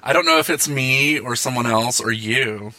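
A man's voice: medium pitch, moderate pace, bright, forceful tone, no room sound. A man co-hosting a podcast in casual chat, campy and teasing. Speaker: podcast co-host.

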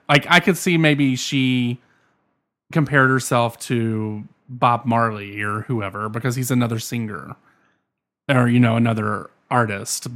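A man's voice: medium pitch, fairly bright tone. A man in a casual debate, blunt and insistent, teasing his co-host.

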